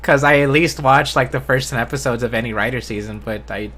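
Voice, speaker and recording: A man hosting a casual live-stream discussion, talking in a flat, unenthusiastic way and often restarting with repeated words. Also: fairly quick, a little hiss or hum. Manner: self-described monotone, low enthusiasm. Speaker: host.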